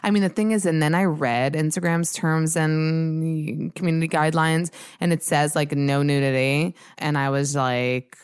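A woman's voice: deep voice, fairly even intonation, moderate pace, hardly any pauses, clean tone, no room sound, studio quality. A young woman hosting a podcast, telling a story in a casual solo rant, chatty and self-mocking with plenty of swearing. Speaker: podcast host.

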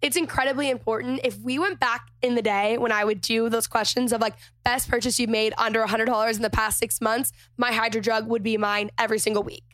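A woman hosting her podcast in a chatty, gushing way, tired and a little hoarse from losing her voice. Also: a little high, fairly even intonation, fairly quick, hardly any pauses, a bit bright, no echo. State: slightly lost voice, tired. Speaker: podcast host. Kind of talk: casual podcast intro and ad read.

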